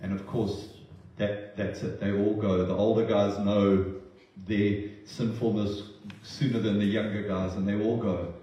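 Man, sermon, earnest, emotional, repeats words, dark tone, very echoey. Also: on the low side, flat delivery, unhurried, few pauses. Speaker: preacher. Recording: roomy distant sound.

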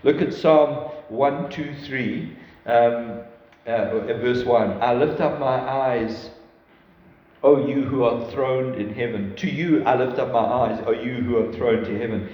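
A man preaching a sermon, earnest, reading scripture slowly and stumbling over his words now and then. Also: mid-range voice. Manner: earnest, reads scripture slowly, restarts and laughs at slips. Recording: echoey hall, dull lo-fi sound.

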